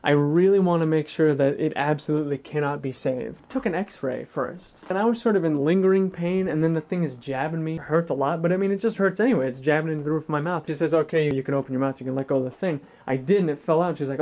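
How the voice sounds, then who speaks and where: A man's voice: on the high side, quick pace, mellow. A man in his twenties telling a personal story to camera in a blunt, profane way, acting out what others said. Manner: blunt and profane, swears freely, acts out dialogue. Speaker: vlogger.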